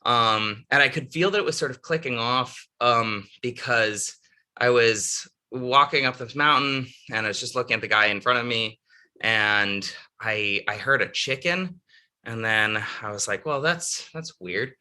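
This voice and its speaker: A man's voice: medium pitch, unhurried, bright, forceful tone, clean tone. A man, an author and podcast guest, telling a travel story in a rambling, casual way with many restarts.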